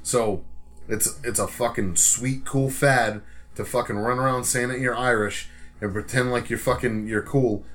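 Podcast dude ranting and cussing about stuff that bugs him, mid-pitched voice. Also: male voice, fairly even intonation, normal speed, fairly bright tone. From Rhode Island, USA. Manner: profane, heated ranting. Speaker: podcast co-host. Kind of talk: casual ranting chat.

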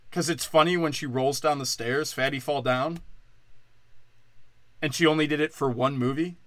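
A man delivering a crude, mocking comedic rant, full of profanity and fast tangents. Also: medium pitch, pushed and bright, no room sound.

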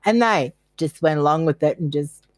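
Candid older woman, low and dry. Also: normal speed, a little mellow, dry recording. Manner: candid, self-mocking, quotes her past self. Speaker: guest. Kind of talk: personal storytelling in a podcast interview.

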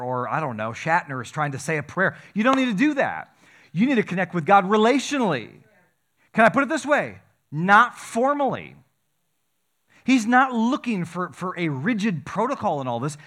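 Animated preacher with a raised voice. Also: male voice, fairly high pitch. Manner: conversational, animated, builds to excited emphasis. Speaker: pastor. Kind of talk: sermon.

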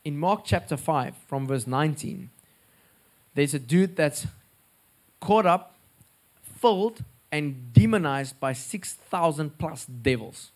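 A man with a South African accent preaching a sermon, telling stories in an earnest, expressive way. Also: fairly high pitch, takes it slowly, pauses often.

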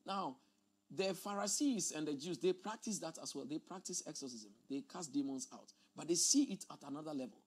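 A man's voice: on the high side, animated, a little fast, breathy edge. A man preaching a teaching sermon, explaining scripture emphatically and often repeating his words.

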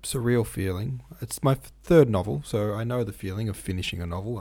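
A man hosts his own podcast in a loose, meandering chat, stopping and restarting his sentences often. His voice sits fairly low with a gravelly edge. The tone is husky and mellow. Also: fairly quick, few pauses. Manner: rambling and hesitant, many fillers and restarts. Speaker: podcast host and novelist. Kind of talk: casual solo podcast chat.

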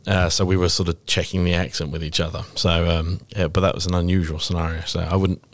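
A man's voice: low voice, little pitch movement, quick pace. A middle-aged British man, an actor, chatting in an interview in a rambling, self-deprecating way full of fillers and restarts. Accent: British English. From England. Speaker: actor, podcast guest. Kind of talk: casual interview chat.

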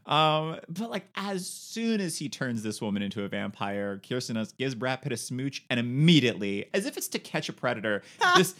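A man co-hosting a podcast, chatting casually and sarcastically about a film, with campy, animated storytelling. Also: medium pitch, brisk, hardly any pauses. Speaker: podcast co-host.

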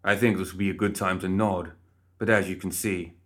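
A man's voice: deep voice, fairly even intonation, brisk, lightly acted. A man voicing a boastful, condescending undead man who is only a severed head, in a storybook reading. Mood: smug. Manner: smug and boastful.

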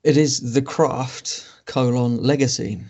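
A man co-hosting a film podcast, asking relaxed, wry questions. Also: mid-range voice, slow, lo-fi sound. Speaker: podcast co-host. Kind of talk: casual film review chat.

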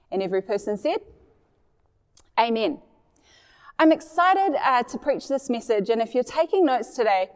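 A woman's voice: fairly high pitch, a little mellow, in a large hall. A woman preacher giving a sermon, reading scripture expressively and adding chatty asides.

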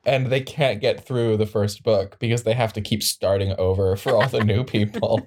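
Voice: medium pitch, fairly even intonation, normal speed, darkish tone, slight background noise. A player in a tabletop role-play, talking in a giggly, rambling way.

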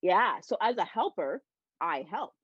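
A woman in her thirties, a psychotherapist guest, telling her personal story in an animated, heartfelt way and laughing often between phrases. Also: medium pitch, measured pace, slightly rough, no room sound. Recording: dull, slightly lo-fi dry audio.

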